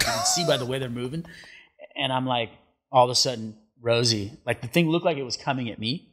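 A surf commentator telling stories in a casual sit-down interview, acting out the quotes and laughing often. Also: male voice, medium pitch, a little fast. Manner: animated storyteller, acts out quotes, laughs often.

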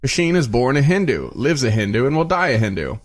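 A man's voice: medium pitch, big pitch swings, fairly quick. A man voicing a scornful, blunt Hindu pandit who dismisses rivals in an audiobook reading.

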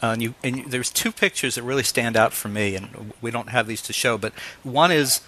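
A man in his fifties hosting an interview, telling stories in an animated way and laughing often. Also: mid-range voice, brisk. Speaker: host. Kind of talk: casual interview chat.

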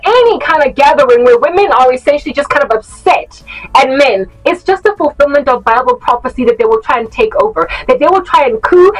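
Woman, impassioned religious vlogger; high, scolding, preachy. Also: rough recording. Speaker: online Christian commentator. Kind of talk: monologue vlog commentary.

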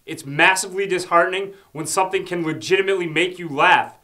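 A man's voice: high voice, fast, sharp tone. A man hosting a comedic wrestling commentary show, sardonic and mock-arrogant. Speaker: host.

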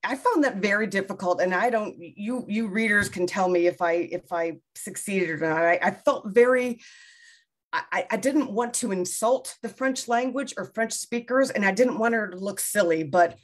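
A woman's voice: medium pitch, normal speed. A middle-aged woman novelist in a casual interview, talking in a rambling, self-deprecating way with many restarts. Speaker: debut novelist being interviewed.

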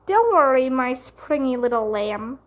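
A theatrical little boy from a storybook, scheming and dramatic, as a woman reads him aloud. The voice sits high and the lines come slow and weighty. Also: expressive.

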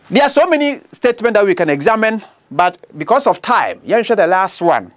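A man's voice: high voice, big pitch swings, a little fast, few pauses. A man with a Ghanaian accent preaching Christian apologetics, emphatic and prone to repeating his declarations for force. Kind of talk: apologetics preaching mixing English and Akan.

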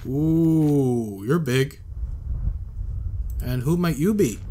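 A man's voice: fairly high pitch, very slow, warm tone, a little hiss or hum. Casual man narrating a game playthrough. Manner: casual, muttering, bursts into exasperated ranting. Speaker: gaming video host. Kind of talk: let's play commentary, reading game text aloud.

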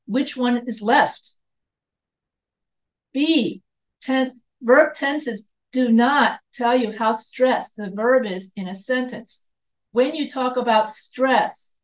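A woman's voice: fairly high pitch, low-quality recording. An American woman teaching an online grammar lecture, explaining step by step, repeating points and correcting herself. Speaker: writing instructor.

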